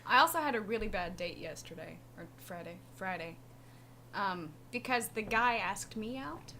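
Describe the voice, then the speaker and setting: A woman co-hosting a livestream, telling stories in a giggly, animated way. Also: medium pitch, moderate pace, a little hiss or hum. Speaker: livestream co-host. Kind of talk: casual chat.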